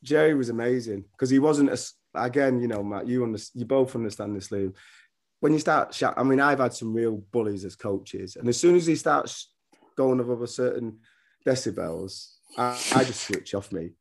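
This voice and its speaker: Guesting on a casual podcast interview, a middle-aged man who once played football and now coaches speaks in an animated, medium-pitched voice at a moderate pace. He tells rambling stories and restarts a lot.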